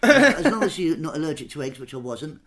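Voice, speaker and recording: A comedian telling a comic anecdote from home in a lively, animated way, jumping up in pitch for the punchlines. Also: male voice, quick pace. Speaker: comedian guest.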